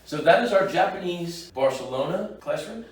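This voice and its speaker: Lively man giving a walking tour. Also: a little high, moderate pace. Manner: enthusiastic, animated storyteller. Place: indoor building hallways and rooms. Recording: roomy echo, distant mic.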